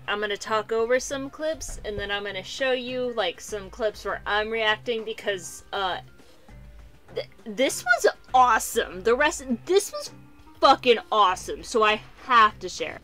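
A woman records gameplay commentary in a slightly high voice, excitable and quick to laugh at her own mistakes. She talks slowly and unhurriedly and drops the odd swear word. Soft music plays faintly behind her. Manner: excitable, swears, self-deprecating. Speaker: gaming YouTuber. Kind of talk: live gameplay commentary and voice-over narration.

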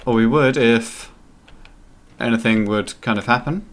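A man's voice: mid-range voice, measured pace. A man hosting a gaming channel, giving casual, playful commentary as he plays and chats to the game's characters. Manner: chatty, playful, talks to game characters.

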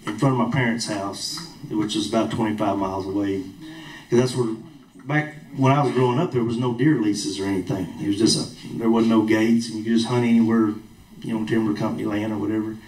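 A man's voice: on the low side, fairly quick, a little mellow. A man preaching a sermon in a church hall, telling a personal story in a folksy, plain-spoken way. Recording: roomy echo from a distant mic.

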